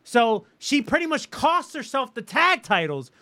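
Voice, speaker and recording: Bright, lively-voiced male co-host. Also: very high-pitched, a little slow. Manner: opinionated, emphatic, swears freely. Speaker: podcast co-host. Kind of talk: casual wrestling talk.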